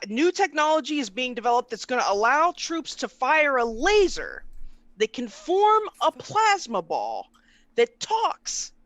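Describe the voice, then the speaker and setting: A woman co-hosting a live stream, chatting casually in an excitable, slangy way. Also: sits high, no room sound. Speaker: co-host.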